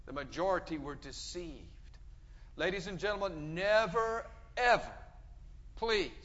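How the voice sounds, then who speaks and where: A man preaching a sermon, emphatic, pushing his voice up loud and dropping it low. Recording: dull sound with long hall reverb.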